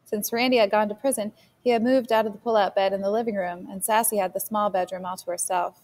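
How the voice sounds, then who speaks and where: A woman's voice: medium pitch, fairly even intonation, quick pace, a little mellow. Woman teacher reading a novel aloud. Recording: long reverb.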